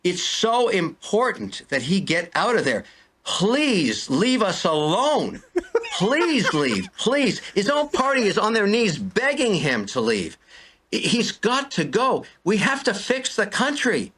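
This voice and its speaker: Older male interview guest, heated and repetitive, bright animated delivery. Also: high voice, measured pace, slightly rough. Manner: exasperated, repeating himself, pleading.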